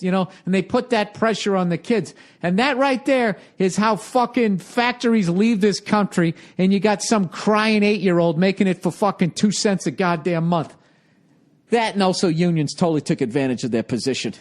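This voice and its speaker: A middle-aged man rambles through a casual podcast monologue. He swears freely and keeps breaking into quick impressions of the people he talks about. His voice sits slightly above the usual male range. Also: high-pitched. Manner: profane, rambling, mimics people in goofy voices. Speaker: podcast host.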